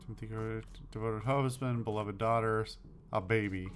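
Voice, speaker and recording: A man's voice: fairly low pitch, steady tone, normal speed, slight background noise. A man playing a comedy western game, reading its text aloud with wry, offhand asides. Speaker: let's play gamer. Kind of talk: casual let's play commentary, reading game text aloud.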